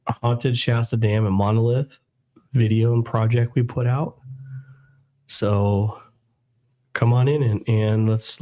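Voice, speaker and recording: Low mellow guy, a bit hoarse from a cold, laid back and joking about himself on a live stream. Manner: easygoing, self-deprecating. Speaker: co-host of a paranormal live stream. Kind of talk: casual live-stream chat.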